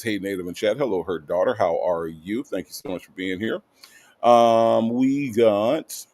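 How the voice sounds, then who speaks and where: A man's voice: medium pitch, a little mellow, no echo. Upbeat man hosting a livestream. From American South. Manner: upbeat, greets viewers by name with playful asides. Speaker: livestream host. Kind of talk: casual chat reading live comments.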